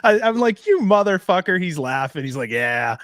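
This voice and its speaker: A man's voice: medium pitch, very animated, moderate pace, fairly bright tone, no echo, clean studio sound. A man hosting a casual interview, telling laid-back, profane stories and laughing often. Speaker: interview host.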